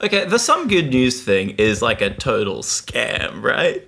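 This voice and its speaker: Sarcastic man with a lively voice. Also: mid-range voice, a little slow, vocal fry. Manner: sarcastic, ranting. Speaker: podcast co-host. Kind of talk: casual chat.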